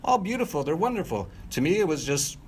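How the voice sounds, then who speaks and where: A man's voice: a little high, big pitch swings, a little fast, a little mellow, slight background noise. A middle-aged man recounting a personal story as an interview guest, rambling with many fillers and restarts and breaking into short laughs. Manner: rambling, frequent fillers and self-corrections, laughs mid-sentence. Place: at home.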